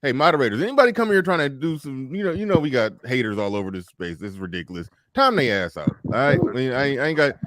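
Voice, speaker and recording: A man hosting a live audio show, animated and fired up as he calls out trolls. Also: medium pitch, fast talker, few pauses, slight background noise. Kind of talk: casual live audio chat.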